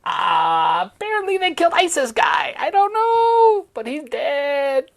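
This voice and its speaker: A woman with a very high voice hosts a satirical news commentary, swinging her pitch up and down in a bouncy way. She drawls slowly and lays on the mock cheer and sarcasm. Now and then she drops into clipped broken-English jokes. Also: sing-song, vocal fry. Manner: playful, sarcastic sing-song delivery with mock cheering. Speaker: podcast host.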